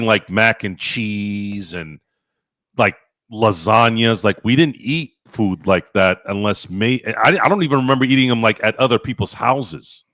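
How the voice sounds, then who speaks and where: A man hosting a podcast, telling stories in casual chat, animated and profane, acting out his own past lines. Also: on the low side, no echo, studio quality. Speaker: podcast host.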